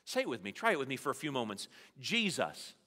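A man's voice: medium pitch, big pitch swings, very fast, sharp tone. A male pastor preaching a sermon in a church sanctuary, conversational with playful asides. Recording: long church reverb.

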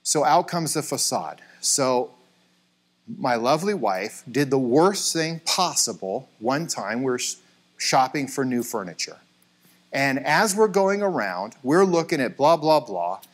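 Animated middle-aged man preaching. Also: medium pitch, measured pace. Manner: storytelling, acts out voices in quotes, animated. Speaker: pastor. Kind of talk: conversational sermon with anecdotes. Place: church sanctuary.

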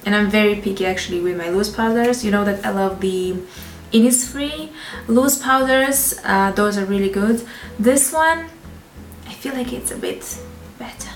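A woman's voice: mid-range voice, moderate pace. A woman with a French accent talks through her makeup picks in a frank, chatty way, often breaking into little laughs. Her voice sounds roomy and a bit distant from the mic. Faint music plays underneath. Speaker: beauty vlogger. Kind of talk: casual product review.

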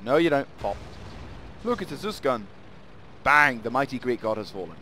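A man hosting a casual gameplay commentary. He rambles, jokes and laughs as he goes. His pitch swings widely. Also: big pitch swings, moderate pace, sharp tone, a little hiss or hum. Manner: rambling, playful, often laughing. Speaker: gaming channel host.

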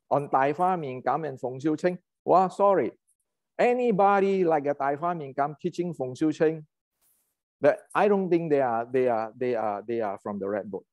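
Guy ranting about history, fairly high voice, dry close sound, lots of uh and restarts. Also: normal speed, darkish tone, no echo. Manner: heated, ranting, many restarts and fillers. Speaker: martial arts channel host. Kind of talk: casual lecture.

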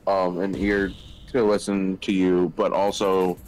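A man's voice: deep voice, little pitch movement, a little slow, darkish tone, a little hiss or hum, rough recording. A man co-hosting a stream, chatting earnestly and jokingly about himself. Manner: earnest, chatty, self-deprecating. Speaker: co-host streamer. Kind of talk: casual chat.

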